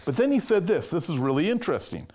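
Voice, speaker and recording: A man's voice: on the high side, big pitch swings, fast, a little mellow. A man preaching an emphatic prophecy sermon as a pastor, reading news quotes aloud and commenting on them. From California.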